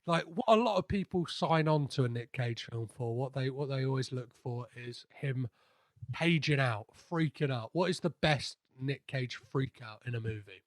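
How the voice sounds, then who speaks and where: A man's voice: medium pitch, moderate pace. A man hosting a podcast, chatting casually and rambling with lots of fillers and restarts. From half Greek. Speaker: podcast host. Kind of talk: casual interview chat.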